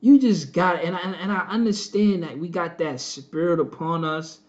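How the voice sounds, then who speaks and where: Male host, higher-pitched, preachy and repetitive; dull lo-fi audio. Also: normal speed. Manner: preachy, repetitive, addresses viewers as family. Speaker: channel host. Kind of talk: casual live-stream commentary.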